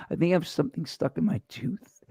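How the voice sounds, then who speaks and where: Gravelly-voiced man hosting a rambling chat. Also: on the high side, no room sound, studio quality. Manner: animated, rambling, profane storyteller. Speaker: host. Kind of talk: casual chat. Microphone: webcam or phone camera mic.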